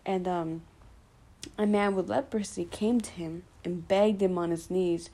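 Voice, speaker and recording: A woman's voice: on the low side, fairly even intonation, unhurried, warm tone. A woman casually retelling a Bible passage as a study presenter, loose and conversational, with fillers and self-corrections.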